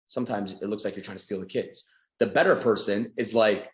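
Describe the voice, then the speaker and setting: Energetic Canadian sales coach in an echoey room. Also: male voice, brisk. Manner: energetic, acts out quoted dialogue with big pitch swings. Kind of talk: motivational seminar talk.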